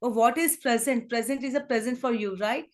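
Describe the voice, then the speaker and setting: A high-pitched woman with an Indian accent speaks as an interview guest. She talks earnestly and conversationally, slipping between English and Hindi and leaning on fillers as she searches for words. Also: brisk. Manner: switches between English and Hindi, many fillers like "and all", "you can say"; earnest, emotional in places. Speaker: interview guest, kindergarten teacher.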